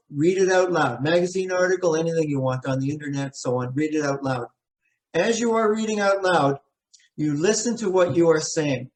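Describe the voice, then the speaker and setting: A middle-aged man leading a pronunciation workshop, saying word pairs slowly and repeating each sound to demonstrate it. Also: on the high side, darkish tone. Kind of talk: workshop teaching.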